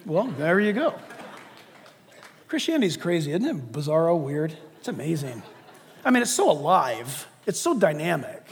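A man preaching a sermon with dynamic delivery, swinging from loud emphasis to hushed, confiding asides. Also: high-pitched, sing-song, moderate pace, long pauses. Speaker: pastor. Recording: long hall reverb.

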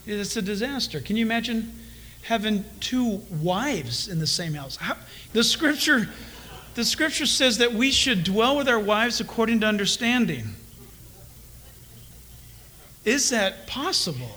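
A man preaching a Bible study sermon in an animated way, asking his listeners questions and acting out the people he quotes. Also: high voice, moderate pace, slight background noise. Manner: animated, asks the congregation questions, acts out quoted voices. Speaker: pastor. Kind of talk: expository sermon.

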